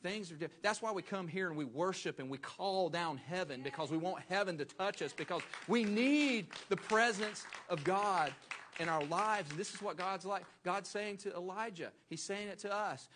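A man's voice: sits high, normal speed, noisy background. Emphatic male pastor preaching. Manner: emphatic, repeats phrases for stress. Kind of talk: sermon.

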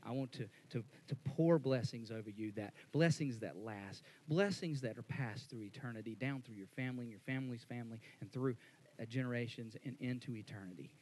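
Male pastor, casual sermon delivery, mid-pitched voice, stumbles and restarts, builds in volume on key points. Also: fairly quick. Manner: conversational, rises louder and higher when worked up; repeats words and restarts often.

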